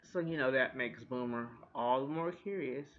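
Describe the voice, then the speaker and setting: Chatty man recapping TV, bright tone. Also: medium pitch, moderate pace, highs cut off, slight background noise. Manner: animated, chatty, swears, laughs at jokes. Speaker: TV recap host. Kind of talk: casual episode recap.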